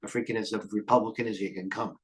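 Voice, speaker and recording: This trading stream host, a middle-aged man, drifts from tangent to tangent while commenting live on the markets. He speaks fairly low with fairly even intonation, and a little hiss or hum sits under the audio. His delivery is blunt and quick-witted, with occasional swearing.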